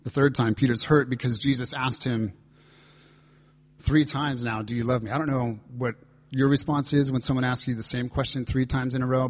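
A man pastor preaching a reflective, earnest sermon, reading and voicing scripture dialogue as he explains it. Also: mid-range voice.

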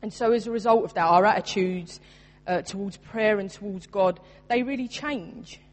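Woman, 30s, preacher; mid pitch, earnest emphatic sermon delivery, long hall reverb. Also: normal speed. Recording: long reverb in a large room.

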